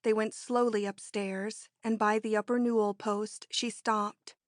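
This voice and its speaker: With a medium pitch and a calm, even storytelling style, a woman narrates a scripted audiobook. The sound is studio quality, free of any echo.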